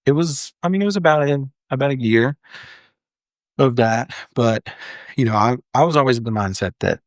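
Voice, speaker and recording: A man's voice: mid-range voice, moderate pace, dry recording, clean studio sound. A young man telling a personal story as a firefighter guest on a podcast, earnest and full of "like" fillers. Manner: earnest, frequent "like" fillers and restarts. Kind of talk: candid storytelling in a podcast interview.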